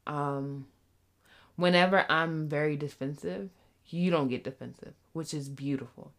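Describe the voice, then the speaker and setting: Animated woman in relationship chat. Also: sits low, unhurried. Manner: animated, acts out her partner's voice. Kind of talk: casual couples chat.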